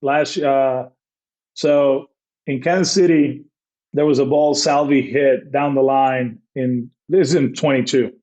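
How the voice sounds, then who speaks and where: A man in the middle register tells baseball stories on a podcast. His talk is loose and rambling, stacked with fillers and repeated starts. He breaks into quick acted-out dialogue as he tells it. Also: mid-range voice, steady tone, darkish tone, rough recording. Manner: rambling anecdotes with many fillers and acted-out quotes. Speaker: baseball manager, podcast guest. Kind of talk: casual storytelling interview.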